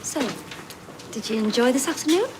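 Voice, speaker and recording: A woman's voice: high-pitched, animated, normal speed. An actress, playing a chatty, grateful woman who teases and laughs easily. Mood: friendly. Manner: warm, teasing, laughing often. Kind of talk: TV soap acting. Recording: noisy background.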